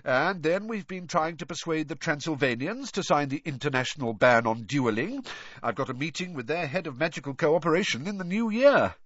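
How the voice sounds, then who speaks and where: A man voicing a pompous young official who talks in a raised, lively, self-important way. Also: fairly high pitch, a little fast, no echo, highs cut off, voice pushed up. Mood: boastful.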